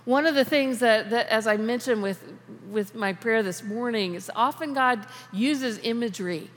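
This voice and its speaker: A woman with a fairly high voice speaks at normal speed, giving an informal, conversational sermon about prayer. She often restarts phrases and laughs, and the recording carries the long reverb of a large hall.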